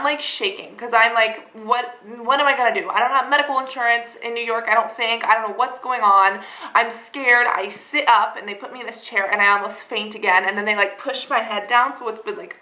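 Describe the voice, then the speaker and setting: A woman's voice: fairly high pitch, sharp tone, reverberant, low-quality recording. A young woman vlogger rambling through a dramatic storytime retelling, full of fillers. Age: young adult. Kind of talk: storytime vlog.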